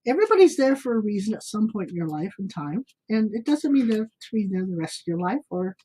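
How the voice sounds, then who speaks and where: A woman's voice: mid-range voice, dark tone, slightly rough, rough recording. A woman co-hosting a live psychic call-in show, chatting casually, laughing easily and reading affirmations aloud. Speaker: psychic radio co-host. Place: home studio, seen on camera in hat and glasses.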